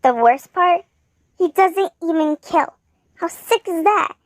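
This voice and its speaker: A woman's voice: extremely high pitch, lively intonation, takes it slowly, dry recording, studio quality, pitched above the performer's own voice, heavily acted. A woman voicing a sneering young male killer, talking in a scornful, mocking way, while reading a fanfiction aloud.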